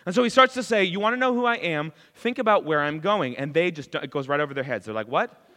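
A man preaching a sermon in an animated way, acting out lines of dialogue as he goes. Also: a little high, fast talker, big-room sound.

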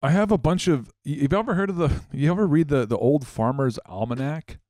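A man's voice: on the high side, a little fast, warm tone, dry recording, studio quality. A man co-hosting a casual chat, swearing often and restarting his sentences. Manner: swears a lot, stammers on restarts.

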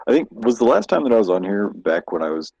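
A man returning as a guest on a casual podcast, relaxed and amused. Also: on the low side, fast, vocal fry, muffled recording, a little hiss or hum. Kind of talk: casual chat.

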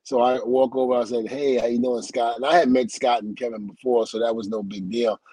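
American guy spinning a story, dark husky voice, dry sound, laughs a lot while he talks. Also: medium pitch, brisk, dry recording, low-quality recording. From United States. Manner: animated storyteller who acts out quotes and laughs often. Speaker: interview guest, former wrestler. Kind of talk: storytelling in a casual interview.

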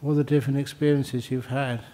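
An older man, a Buddhist monk, gives a relaxed dharma talk to an audience, answering questions with gentle jokes and repeated phrases for emphasis. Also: medium pitch, a little fast.

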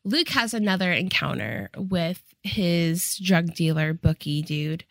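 A woman's voice: fairly low pitch, expressive, slow, gravelly, dry recording, studio quality. A young woman co-hosting a casual podcast, retelling a movie's plot with wry retorts and acted-out character lines. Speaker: podcast co-host. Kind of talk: casual chat recapping a movie.

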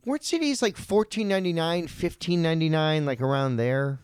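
A man's voice: a little high, fairly quick, a little mellow, smooth, dry recording, clean studio sound. Blunt, candid man in casual chat. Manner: blunt, candid, jokey, with occasional swearing. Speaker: podcast co-host.

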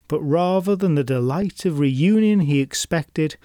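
A man's voice: fairly high pitch, expressive, unhurried, a little mellow, no room sound. Dry-voiced man narrating a fairy tale. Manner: dramatic with wry asides. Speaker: storyteller host. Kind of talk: scripted folklore narration.

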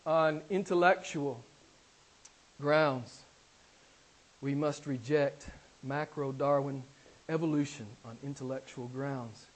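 A male pastor preaching a sermon, emphatic, repeating key phrases and swinging between loud declarations and quiet asides. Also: a little high, low-quality recording. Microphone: recorded for a podcast.

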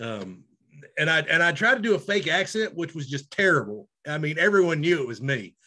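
A man, co-hosting a podcast in casual chat, animated and self-mocking. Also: fairly high pitch, fairly quick. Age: 30s. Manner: animated, loud, self-mocking, laughs often. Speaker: podcast co-host.

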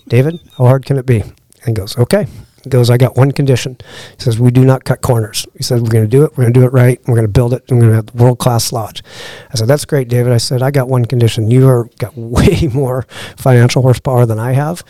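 Talking fast with a medium pitch and no echo, the lodge-owning podcast guest recounts a long story informally. He performs the other people's words as he goes, with lively energy.

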